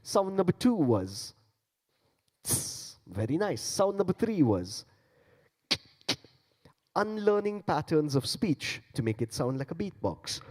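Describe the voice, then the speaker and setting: In a large conference hall with long reverb, a man playfully talks about beatboxing and demonstrates it, urging the audience to participate. His fairly high, darkish voice swings widely in pitch, and he speaks slowly with frequent pauses.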